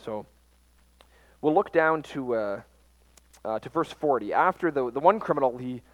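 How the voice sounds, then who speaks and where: A man teaching from the Bible in an informal sermon, pausing often with fillers and restarting his sentences. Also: medium pitch, expressive, no echo, poor audio. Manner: halting, frequent fillers and restarts. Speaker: preacher.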